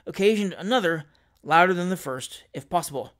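Brief: male reader narrating a classic novel, higher voice, measured and expressive. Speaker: audiobook reader.

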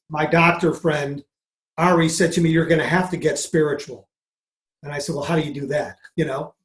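A man, a mindset coach, answering an interview question with a lively story, acting out the dialogue as he goes. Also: on the high side, roomy sound. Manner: animated, acts out dialogue in anecdotes. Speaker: podcast guest, mindset coach.

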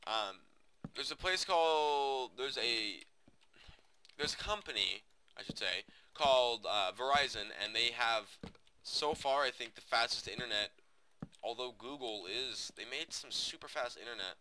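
Bright-voiced young man rambling over gameplay. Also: medium pitch, expressive, unhurried, slight background noise. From United States. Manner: rambling, many fillers and restarts, chatty with viewers. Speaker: gaming video host.

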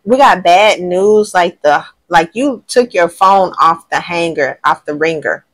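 A woman with a lowish voice reads tarot casually for a general audience, going a little slow but with hardly any pauses. She thinks aloud in lively slang, swears from time to time and often confesses she doesn't know.

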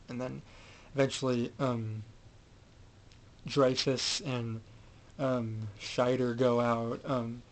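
Man, flat-toned casual reviewer who rambles, lots of "um"s, faint rumble behind. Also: poor audio. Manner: rambling, many fillers and restarts. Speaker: film reviewer. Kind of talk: casual film recap.

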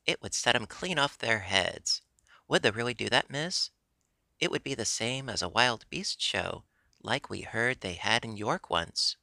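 A man's voice: medium pitch, expressive, a little slow, vocal fry, bright, forceful tone, no room sound, heavily acted. A man reading a chatty young Yorkshire maid in broad, homely dialect, in a dry, close audiobook recording.

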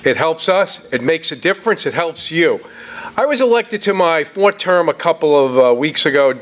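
Steady man thanking party supporters. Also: fairly high pitch, normal speed. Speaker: state party chairman.

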